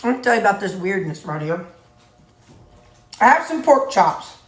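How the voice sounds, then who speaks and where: A middle-aged woman from Missouri chats to camera in her home kitchen, folksy and teasing, and sings snatches to herself. Her medium-pitched voice is very animated and moves at a normal pace, and the kitchen is roomy and echoey.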